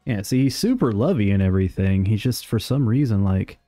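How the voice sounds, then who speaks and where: Mellow-voiced young man streaming a game. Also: on the low side, fairly quick, soft background music. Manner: chatty and rambling, with sudden excited outbursts. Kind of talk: casual live gameplay commentary.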